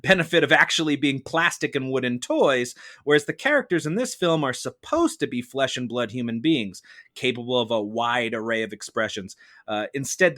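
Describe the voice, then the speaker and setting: A man acting as prosecutor in a mock trial on a podcast, arguing a prepared case in a measured, formal courtroom manner. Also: medium pitch, fairly bright tone. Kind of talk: prepared argumentative case delivered to a judge.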